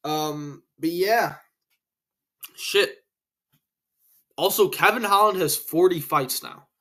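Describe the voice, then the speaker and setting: A young man hosting a casual solo reaction to fight results, excitable and full of slang and swearing, a bit out of breath. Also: on the high side. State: breathing heavily. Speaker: MMA reaction host.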